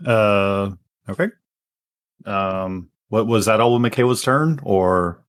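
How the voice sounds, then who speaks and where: A man's voice: fairly low pitch, takes it slowly. A man playing a tabletop game, describing his character's actions with many fillers and restarts. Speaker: player. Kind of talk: casual tabletop game play.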